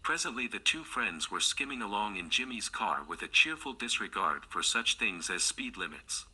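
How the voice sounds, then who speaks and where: Male narrator for a classic mystery audiobook; cutting, husky tone, steady delivery. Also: lowish voice, normal speed. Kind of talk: scripted narration.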